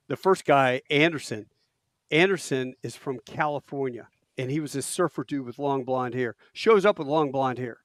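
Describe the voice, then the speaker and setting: A man's voice: medium pitch, moderate pace, no echo, clean studio sound. A man in his late fifties, a podcast host, telling casual stories and laughing often. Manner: animated, laughs often, does loud impressions of drill instructors. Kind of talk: casual storytelling chat.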